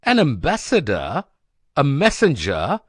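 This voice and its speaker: A man voicing a proud, big-headed male water god in a storybook reading, booming and boastful, with a lively, swinging delivery. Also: slow pace, no room sound, clean studio sound, exaggerated voice. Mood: indignant. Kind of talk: storybook acting.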